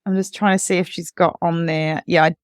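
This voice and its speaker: A woman's voice: fairly low pitch, little pitch movement, brisk, no echo, studio quality. A woman hosting a podcast in casual chat, getting emotional and choked up as she talks. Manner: emotional, choking up while reading aloud. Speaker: podcast host.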